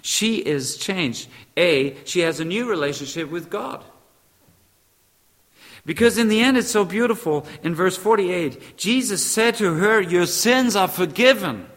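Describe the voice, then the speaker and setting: A man's voice: sits high, lively intonation, unhurried, fairly bright tone, in a large hall. A man preaching a sermon, emphatic and repeating short phrases, now and then searching for the right English word.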